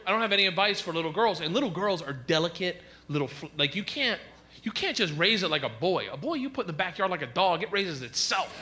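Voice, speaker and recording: A man doing a stand-up comedy set, telling stories in a loud, animated, profane way. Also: sits high, fast talker, crowd noise. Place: comedy stage before a live audience.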